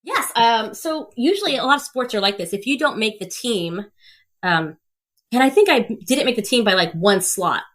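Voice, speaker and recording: Energetic woman, laughs a lot. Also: a little high, moderate pace. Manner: energetic, laughs often, acts out quoted voices. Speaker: podcast guest. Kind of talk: casual storytelling.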